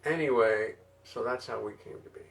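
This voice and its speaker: A man hosting a live music stream from his studio, rambling and reminiscing with halting restarts between songs. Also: gravelly. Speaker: singer-bassist host. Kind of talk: casual spoken aside between songs. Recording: distant mic, loud bass music behind. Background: loud double bass playing.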